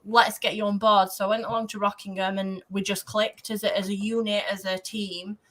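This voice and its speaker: A woman's voice: medium pitch, flat delivery, brisk, fairly bright tone. A woman talking as a guest motorsport photographer on a casual podcast, enthusiastic and rambling in her storytelling.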